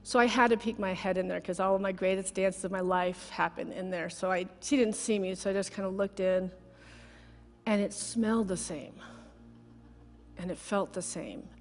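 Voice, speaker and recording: A middle-aged woman, speaking as a guest, delivers a heartfelt, conversational sermon built around a personal story, and she is close to tears. Her voice is mid-range with fairly even intonation and a moderate pace. A long hall reverb fills the large church sanctuary.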